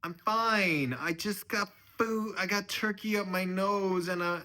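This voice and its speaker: A man's voice: high voice, unhurried, sharp tone, voice pushed up. Flustered older mother-in-law, as a man plays her.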